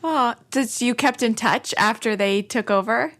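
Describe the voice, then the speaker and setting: A woman podcast guest in casual chat, asking sympathetic, measured questions. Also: on the high side, fairly bright tone.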